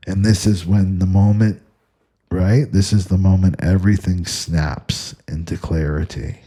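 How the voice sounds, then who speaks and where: A man speaks in a very low, unhurried voice with a dark, husky grain. He delivers spiritual advice in loose, repetitive phrases and keeps checking in with a questioning "right?". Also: steady tone. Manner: repetitive, asks "right?" constantly. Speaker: astrology teacher. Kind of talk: spiritual talk to camera.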